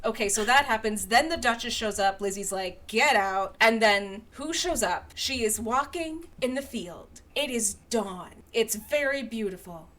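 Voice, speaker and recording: A woman's voice: a little high, lively intonation, unhurried, hardly any pauses, fairly bright tone. A woman co-hosting a podcast, animatedly recapping a film in casual chat and acting out the characters' lines. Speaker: podcast co-host.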